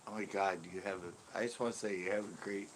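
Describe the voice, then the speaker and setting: A man's voice: on the low side, fairly even intonation, quick pace, slight background noise, pitched below the performer's own voice, close to an everyday voice. A man quoting a young woman phone agent who gushes compliments at him. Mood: gushing. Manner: gushing.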